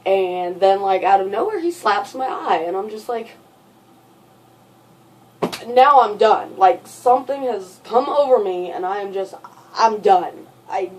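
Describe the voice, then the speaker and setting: A woman's voice: medium pitch, animated, darkish tone, slight background noise. Woman vlogger recounting a story, mic-distant. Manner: halting, filler-heavy, looping back over details. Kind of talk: personal storytelling vlog. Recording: voice sits far from the mic.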